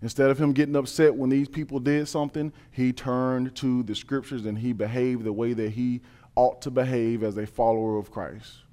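A man preaching a sermon, reading scripture and building to emphatic, repeated points. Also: moderate pace. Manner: builds from calm reading to loud, high-pitched emphatic preaching.

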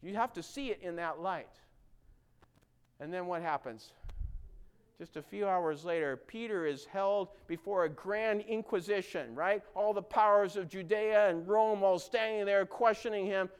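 A male preacher delivers a sermon in a smooth, resonant voice that sits a little high for a man. He talks earnestly, puts questions straight to his listeners, and acts out quoted lines with mounting emphasis. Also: measured pace.

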